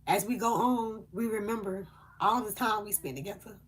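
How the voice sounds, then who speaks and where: A woman's voice: mid-range voice, moderate pace, husky. A woman speaking, delivering a channeled spiritual message in an earnest, emotional way with hesitant fillers.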